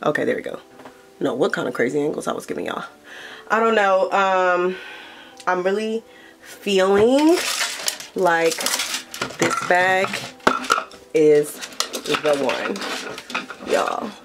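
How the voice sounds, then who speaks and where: A woman's voice: lowish voice, animated, slow, long pauses, roomy sound, a little hiss or hum. A young woman from Los Angeles with an LA accent, chatting casually to camera in a vlog and calling her viewers y'all. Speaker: vlogger.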